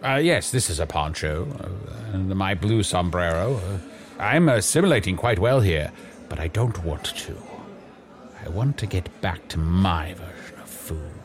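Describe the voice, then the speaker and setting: A man's voice: sits low, animated, unhurried. A man playing a pompous bumbling wizard. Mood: plaintive. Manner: pompous, indignant. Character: pompous clumsy male wizard in a poncho. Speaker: player character.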